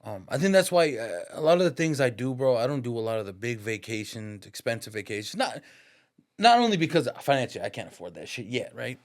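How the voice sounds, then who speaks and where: A man's voice: medium pitch, lively intonation, fast talker. A man in his thirties, a barber, telling a story in a casual, slangy, profane way. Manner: slangy and profane, peppers talk with "dog" and "bro". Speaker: podcast guest, barber.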